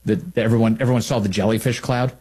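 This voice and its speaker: A man's voice: fairly low pitch, fairly even intonation, quick pace, darkish tone, husky. A man hosting a political commentary show, talking in a sarcastic, mocking and incredulous way.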